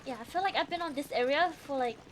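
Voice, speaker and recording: A woman's voice: high voice, fast talker, a little hiss or hum. A young woman streaming a video game, chatting casually, rambling and giggling to herself. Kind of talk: casual gameplay commentary.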